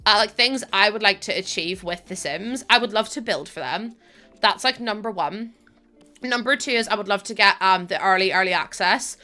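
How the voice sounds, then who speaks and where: A woman's voice: medium pitch, normal speed, sharp tone, soft background music. A woman with a Northern Irish accent chatting casually on a live stream, laughing often and thanking viewers by name. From Northern Ireland.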